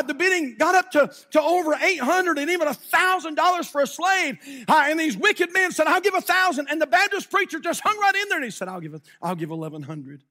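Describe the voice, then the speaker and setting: A man preaching a sermon from a church pulpit, telling a story dramatically with sudden hushed drops and loud shouted peaks, then leading prayer. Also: very high voice. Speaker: pastor.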